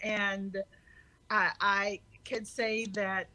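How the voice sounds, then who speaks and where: A woman from the United States speaks as a guest over a video call. She talks in an articulate, measured way. Her voice is bright and forward. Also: mid-range voice, little pitch movement, dry recording, poor audio. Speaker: guest theater artist. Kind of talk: casual interview chat.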